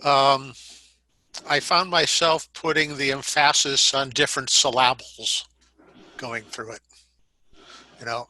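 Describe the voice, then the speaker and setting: A man's voice: mid-range voice, steady tone, measured pace, long pauses, bright, forceful tone, rough recording. A man taking part in a webinar, hesitantly but carefully explaining what he noticed. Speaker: workshop participant. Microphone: video call.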